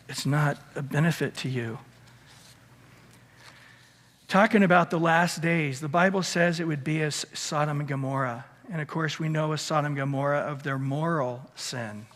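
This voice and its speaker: A man's voice: on the high side, a little slow, fairly bright tone. A pastor giving an earnest, conversational sermon, often restarting his sentences, recorded in a church sanctuary. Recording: reverberant hall.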